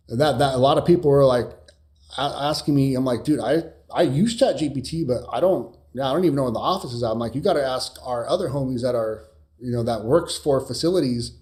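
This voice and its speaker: A man's voice: mid-range voice, darkish tone. A young man from California chatting casually in a live Q&A, rambling with many fillers and restarts, blunt and swearing at times. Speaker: cybersecurity streamer answering viewer questions.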